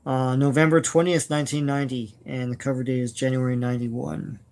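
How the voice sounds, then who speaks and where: A man's voice: medium pitch, level tone, brisk, a little mellow. A man in a casual comics chat, speaking in a plain, matter-of-fact way.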